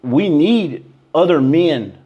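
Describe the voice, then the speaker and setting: Through dull audio comes a fairly high, slightly rough voice, speaking slowly: a man in his thirties guesting on a podcast and telling relaxed stories. Animated, he leans on "bro" and "man" and lifts his voice to act out quotes in this casual interview.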